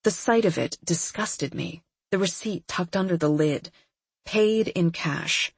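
A woman with a husky voice reading a first-person novel in a wry, detached manner. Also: on the low side, a little slow, no room sound. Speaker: audiobook narrator. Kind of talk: scripted first-person narration.

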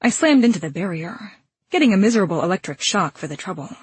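Husky-voiced woman narrating an audiobook. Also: mid-range voice, sing-song, no room sound. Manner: brisk and dramatic, sharp outbursts in action. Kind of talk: first-person audiobook narration.

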